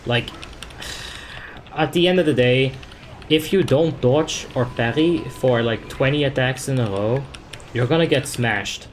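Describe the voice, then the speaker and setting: A young man narrates a game in a relaxed, rambling way, full of fillers as he explains tactics and answers chat. His voice sits in a middle pitch. Faint keyboard typing and noise run underneath. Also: measured pace. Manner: laid-back, filler-heavy, explains tactics. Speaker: game streamer. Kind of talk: casual gaming commentary, reading chat.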